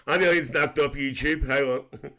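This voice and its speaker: A man's voice: on the high side, steady tone, normal speed, sharp tone. A man voicing a cheeky, gossipy middle-aged Northern Irish aunty who chats with live-stream viewers and calls them dear. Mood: chatty. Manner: chatty, calls everyone dear, laughs often. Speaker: livestream host.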